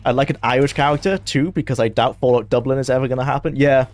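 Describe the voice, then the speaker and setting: A man's voice: mid-range voice, steady tone, fast talker. A young man chatting casually on a game stream, laughing often and talking to his chat.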